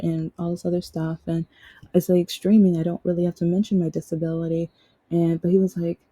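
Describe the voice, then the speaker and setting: A woman's voice: lowish voice, flat delivery, fairly quick, dark tone, husky, no room sound, low-quality recording. A woman hosting her own podcast, telling personal stories in a rambling, casual way, often restarting and quoting others. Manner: rambling, with frequent restarts and quoted dialogue. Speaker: podcast host. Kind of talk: casual storytelling monologue.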